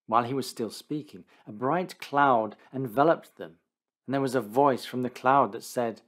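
A man narrating a condensed Bible reading in a steady, deliberate scripted style. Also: medium pitch.

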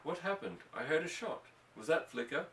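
Man doing a worried, hushed ranch wife. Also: a little high, expressive, moderate pace, voice pushed up. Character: anxious ranch wife and mother, woman. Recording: roomy, distant mic.

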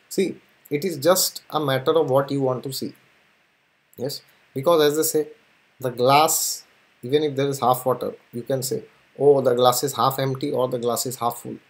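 A man gives an informal spiritual talk to his audience. His voice sits in a middle pitch, and he speaks with an animated rhythm, punctuating his ideas with repeated affirmations and short laughs. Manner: animated, repeats "yes" often, laughs between points. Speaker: spiritual and astrology channel host. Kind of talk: casual spiritual talk to camera.

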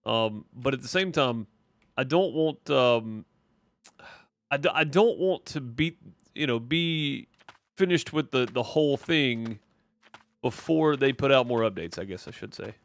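A gaming streamer with a Mississippi Southern accent chats casually while playing and answering his chat. His mid-range voice is animated and a little slow, and his live commentary rambles with lots of fillers.

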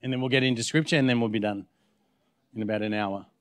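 A man's voice: on the low side, fairly even intonation, quick pace, clear, resonant tone, dry recording, studio quality. A man with an Australian accent, a guest pastor preaching a sermon in church, telling a story and acting out both sides of the conversations.

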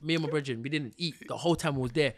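A young British man, telling a story as a podcast guest in slangy, animated chat and laughing often. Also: fairly high pitch, racing. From Britain. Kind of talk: casual storytelling.

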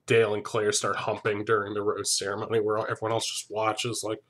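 A man hosting a comedic TV recap, talking in a sarcastic, profane way with deadpan asides. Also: fairly low pitch, a little fast, slight background noise.

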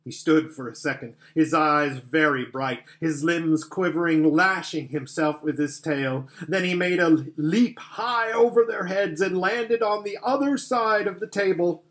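A man narrating a children's fantasy story as an audiobook reader, with gentle storytelling. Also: on the high side, measured pace, few pauses. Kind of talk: scripted narration.

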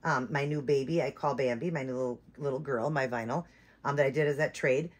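A woman's voice: a bass voice, fairly even intonation, fairly quick. A woman hosting her channel, chatting casually and rambling, with many fillers and restarts. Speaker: doll-collecting channel host. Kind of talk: casual chat.

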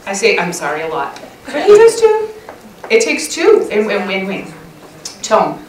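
A middle-aged woman giving a lively, chatty talk at a women's church conference session, often laughing and acting out little quoted lines. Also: medium pitch, a little slow, slight background noise. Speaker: conference speaker. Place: church hall. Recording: echoey church hall recorded from far off.

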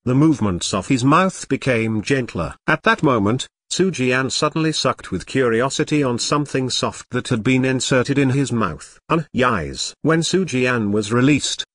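A man's voice: mid-range voice, lively intonation, normal speed, few pauses, fairly bright tone, no echo. A man narrating a web novel as an audiobook, telling the story expressively.

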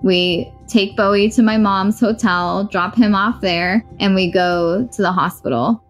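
A woman's voice: medium pitch, measured pace, faint music behind. A young adult woman in a podcast interview, telling a personal story candidly and bluntly, acting out what others said. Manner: candid, blunt, acts out quoted voices.

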